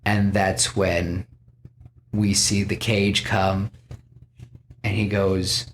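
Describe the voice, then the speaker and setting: A man's voice: sits low, little pitch movement, very slow, slight background noise. A man hosting a podcast, casually retelling a film scene by scene with lots of restarts and quoted lines. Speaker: podcast host pitching a film.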